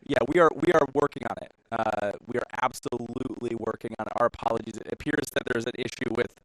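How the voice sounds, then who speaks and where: A man's voice: mid-range voice, fast talker, dry recording, low-quality recording. Guy casting a game tourney live, talks a lot to fill the gaps, dry mic sound. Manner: chatty, filling dead air. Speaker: shoutcaster. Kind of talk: esports commentary.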